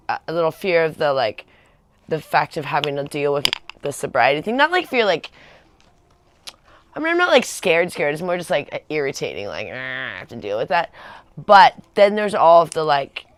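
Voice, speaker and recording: A woman's voice: low voice, no echo. A woman in her forties chatting casually on a livestream, rambling with many fillers and restarts. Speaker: vlogger on a livestream.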